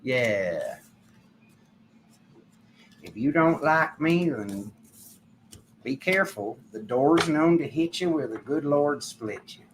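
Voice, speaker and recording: A man's voice: medium pitch, animated, takes it slowly, long pauses, slight background noise, rough recording. A man giving a tarot reading in a rambling, casual monologue full of fillers, sometimes acting out other people's voices. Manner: rambling, filler-heavy, acts out quoted voices. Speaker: tarot reader.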